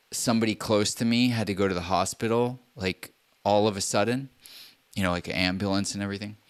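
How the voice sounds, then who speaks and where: A man's voice: low voice, fairly bright tone, dry recording. A man streaming live, ranting bluntly in a casual monologue full of swearing.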